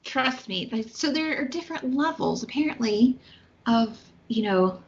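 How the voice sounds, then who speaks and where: A woman's voice: fairly high pitch, expressive, unhurried. A woman with a Southern American accent, co-hosting a podcast in casual, chatty talk with many fillers. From Southern United States. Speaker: podcast co-host. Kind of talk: casual chat. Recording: slightly dull lo-fi audio.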